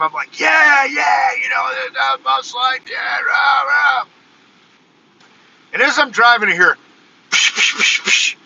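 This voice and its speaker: An excitable man tells a story to his phone camera, his voice bright and a touch high. The audio sounds a bit dull, with faint noise in the background. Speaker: vlogger. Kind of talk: casual storytelling vlog. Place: in a car, then walking outdoors.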